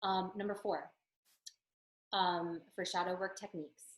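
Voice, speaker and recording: A woman's voice: lowish voice, steady tone, a little slow, low-quality recording. A woman spiritual coach talking through her techniques in a casual teaching monologue, chatty and earnest, full of "like" and "um". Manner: chatty, with frequent "like" and "um" fillers; earnest and encouraging.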